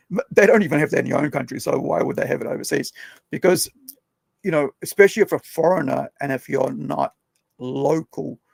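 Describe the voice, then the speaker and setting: Gravelly, husky man telling stories. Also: a little high, no echo. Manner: rambling, conversational, leans on tag questions. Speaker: podcast host. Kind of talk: casual storytelling chat.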